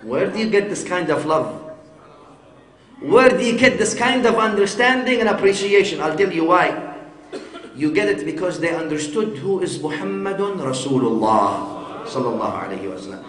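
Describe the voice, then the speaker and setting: A man's voice: sits high, lively intonation, moderate pace, fairly bright tone. A man giving a sermon-style lecture as a shaykh, teaching with frequent rhetorical questions and Arabic phrases. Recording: echoey hall recording.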